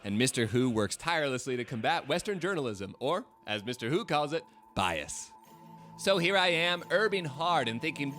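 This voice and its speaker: A man's voice: a little high, animated, normal speed, fairly bright tone, soft background music. A man in his late twenties giving a wry, sarcastic scripted narration as a video host. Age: late 20s.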